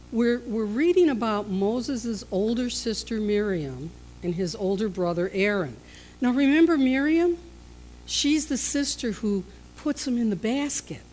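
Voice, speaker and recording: A woman pastor preaching a sermon, telling stories and acting out the characters with lively shifts in voice. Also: a little hiss or hum, rough recording. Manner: storytelling, acting out scenes with shifts in pitch and loudness.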